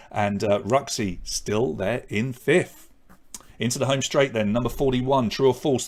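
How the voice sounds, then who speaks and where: A man hosting a live online pub quiz, reading out questions and scores in a chatty, self-deprecating way. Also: mid-range voice.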